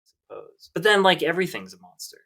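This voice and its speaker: A man's voice: on the high side, big pitch swings, quick pace, vocal fry, sharp tone. Rambling man chatting on a podcast. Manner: rambling, hesitant, many fillers. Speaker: podcast co-host. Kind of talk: casual chat.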